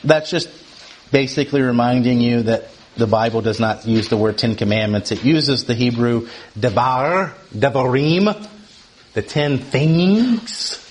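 Lively man teaching Scripture, conversational, keeps asking "right?", voice jumps up for emphasis. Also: a little slow. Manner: animated, often asks "right?", rises in pitch for emphasis. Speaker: Bible teacher.

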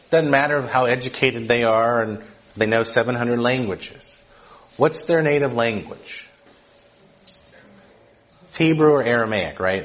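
A man's voice: medium pitch, highs cut off. A man giving an informal teaching talk, explaining in a conversational way and often checking in with his listeners. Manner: conversational, keeps checking in with "right?".

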